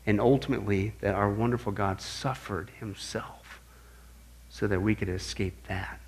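This is a man preaching on apologetics at an ordinary speed. His teaching is lively, with hushed storytelling broken up by loud quoted voices.

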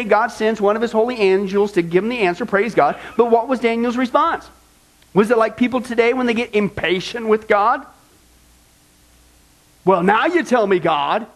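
A man delivers an animated sermon as pastor and acts out the whining voices of the people he quotes. His voice sits high for a man, and he keeps asking his listeners pointed rhetorical questions. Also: poor audio.

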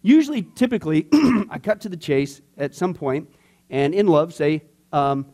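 A man, a pastor, teaching a discipleship class in a chatty, animated way, full of asides and fillers. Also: fairly high pitch, brisk.

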